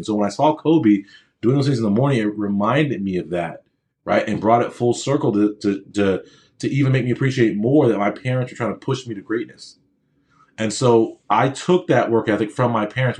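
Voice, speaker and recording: A man's voice: on the low side, a little mellow. A man giving a motivational speech to aspiring medical students, talking conversationally with personal stories and repeating phrases for emphasis. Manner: conversational, checks in with the audience.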